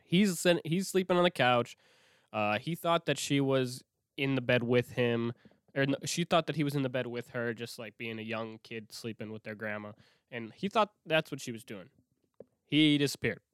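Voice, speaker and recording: A young man from Minnesota telling a spooky childhood story in a casual, animated way, swearing often and dropping to a whisper when he quotes himself. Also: medium pitch, no echo, clean studio sound. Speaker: host.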